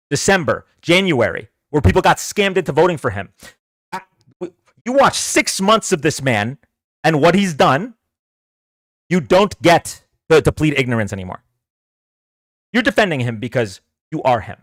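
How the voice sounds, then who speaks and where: A man with a slightly high, fairly bright voice talks at normal speed with big pitch swings and long pauses, and there's no room sound. He's running a livestream political debate, ranting combatively and sarcastically while taunting viewers to come argue.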